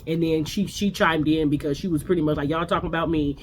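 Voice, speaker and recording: A woman's voice: sits low, steady tone, fast talker, a little hiss or hum. Sassy woman giving a blunt TV recap. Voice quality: blunt, sassy, candid, with frequent restarts. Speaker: reality TV recap host. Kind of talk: casual recap commentary.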